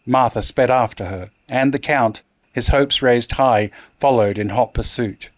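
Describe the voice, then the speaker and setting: A man narrating a horror tale in an expressive, dramatic reading. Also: medium pitch, unhurried, dry recording.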